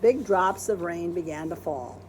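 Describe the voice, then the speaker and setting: A woman librarian reading a children's storybook aloud in a gentle, expressive storytelling manner. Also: on the low side, measured pace, a little hiss or hum.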